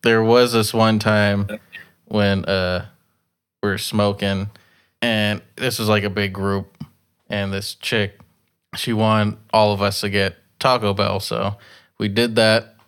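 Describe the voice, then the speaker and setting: Low-voiced laid-back podcast man. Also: level tone, slow pace, fairly bright tone, clean tone. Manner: laid-back storyteller, swears a lot. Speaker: podcast co-host. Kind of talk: casual chat.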